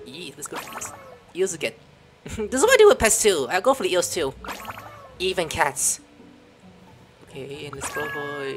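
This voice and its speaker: A man giving casual, playful gameplay commentary while chatting to the cats in the game. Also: on the high side. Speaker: gameplay video host.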